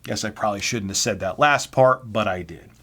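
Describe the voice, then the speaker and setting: A man's voice: fairly low pitch, fairly quick, a bit bright. A man telling personal work stories to camera in a casual, blunt, self-deprecating way. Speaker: vlogger. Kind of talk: casual storytelling.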